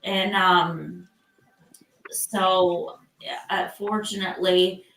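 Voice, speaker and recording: A woman's voice: lowish voice, little pitch movement, extremely slow, gravelly, fairly bright tone, reverberant, poor audio. An older woman from Michigan hosting a casual live chat, rambling with lots of fillers and restarts. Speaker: live stream host.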